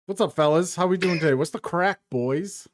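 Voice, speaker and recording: A man's voice: high-pitched, a little fast, dry recording, clean studio sound. A man co-hosting a podcast, upbeat and enthusiastic in casual chat. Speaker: podcast co-host.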